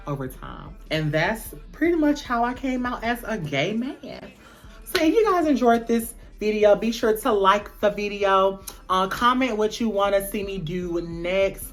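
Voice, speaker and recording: A young woman telling a personal story in a casual, candid vlog, blunt and profane with frequent "um"s. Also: medium pitch. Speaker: vlogger.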